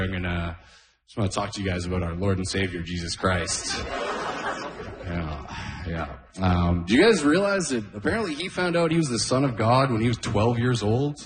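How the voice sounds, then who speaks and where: A man's voice: on the low side, noisy background. Man doing stand-up, echoey club. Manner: laughs at his own jokes, many "oh, man" asides. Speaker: stand-up comedian. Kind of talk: stand-up comedy set. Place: comedy club stage with a laughing audience.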